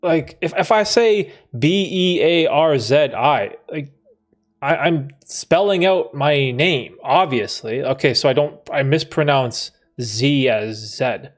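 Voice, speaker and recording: A man in his thirties hosting a live stream, reading out chat comments and answering them in a relaxed, chatty way, laughing often and restarting his sentences. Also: fairly high pitch. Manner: laid-back, laughs often, trails off and restarts. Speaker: livestream host answering chat.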